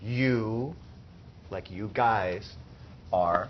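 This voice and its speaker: A man teaching a Spanish class, explaining slowly and repeating phrases for the students. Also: on the low side, highs cut off, slight background noise. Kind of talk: classroom lesson.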